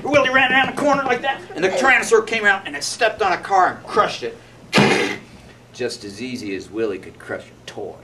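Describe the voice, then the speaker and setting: A man's voice: high-pitched, very animated, fairly quick. A male storyteller performing a children's tale dramatically, with gasps and sound effects. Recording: distant mic with faint noise.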